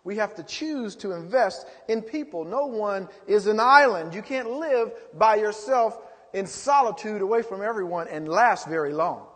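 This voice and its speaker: A man's voice: high-pitched, lively intonation, normal speed, a bit bright, in a large hall. A man preaching a sermon as pastor, rising into emphatic calls to the congregation.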